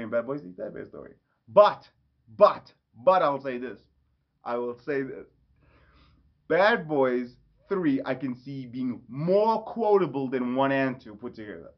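A man's voice: mid-range voice, lively intonation, unhurried. A man giving an enthusiastic, rambling casual vlog review, often correcting himself. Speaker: movie reviewer. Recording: slightly dull lo-fi audio.

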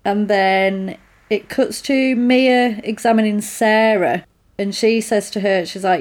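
Woman, podcast co-host, lively film recap, mid pitch. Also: slow. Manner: animated retelling with quoted voices. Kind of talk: casual film recap chat.

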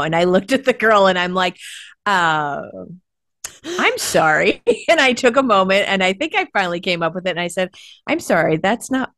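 A woman with a somewhat low voice talks casually about her work as a standardized patient. She recounts stories expressively and laughs along the way. The sound is close and dry. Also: a bit bright, no echo. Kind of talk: casual conversation.

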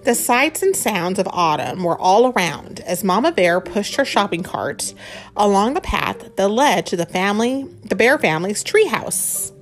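Woman, reading a storybook to kids, lively pitch, asks questions, faint music. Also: moderate pace. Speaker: parent reading aloud to children. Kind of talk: bedtime-style storybook reading with chat.

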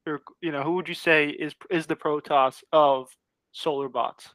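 Man hosting a chat, slightly high voice. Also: steady tone, moderate pace, fairly bright tone, no room sound. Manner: easygoing, asks questions, laughs along. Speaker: podcast host. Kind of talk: casual interview chat.

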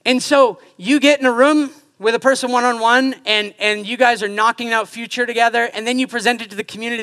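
A man in his thirties preaching a sermon in a church, animated and joking, acting out quoted voices as he goes. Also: extremely high pitch, a little fast, few pauses. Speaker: pastor. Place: church sanctuary.

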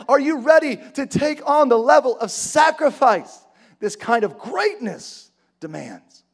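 A man preaching a sermon in church, animated, acting out quoted voices and building to emphatic peaks. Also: very high-pitched. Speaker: pastor.

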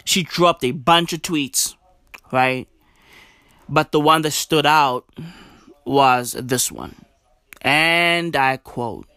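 A young man rants to camera at an unhurried, drawn-out pace. He swears freely and talks in slang, sounding exasperated. His voice sits fairly high, and the recording is close and dry with no room sound. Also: pushed and bright, clean tone, no room sound. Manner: drops to low mutters and jumps up high for emphasis. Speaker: vlogger. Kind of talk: casual ranting commentary.

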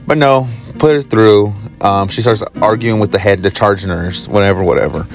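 A man's voice: on the low side, moderate pace, faint music behind. A man hosting his own podcast, telling a work story in a casual, rambling way with lots of swearing and fillers. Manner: rambling, profane, with many fillers. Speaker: podcast host. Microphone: recording on the job, from a motel.

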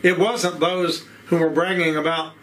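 A man with an Appalachian accent preaching a sermon, with rhythmic repeated phrases and rhetorical questions, slowing down to stress key words. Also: fairly high pitch, level tone, a bit bright, poor audio.

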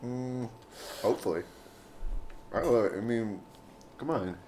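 A man's voice: mid-range voice, a little slow, darkish tone, a little hiss or hum. A man in his thirties co-hosting a podcast, trading dry wisecracks in casual banter. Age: 30s. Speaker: podcast co-host.

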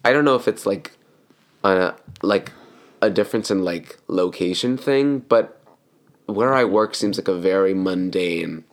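A young man with a fairly low voice talks in loose, meandering casual chat. He fills his sentences with fillers and states blunt opinions as a podcast co-host. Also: unhurried.

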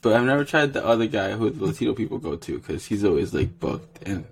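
A man's voice: fairly low pitch, very animated, fast talker, slight background noise. A man hosting a podcast in casual chat, loose and chatty, with frequent laughs and filler words. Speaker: podcast host.

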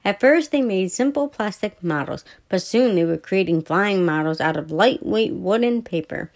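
A woman podcast host reading a children's story aloud, softly and with small stumbles she corrects. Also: mid-range voice, lively intonation, moderate pace.

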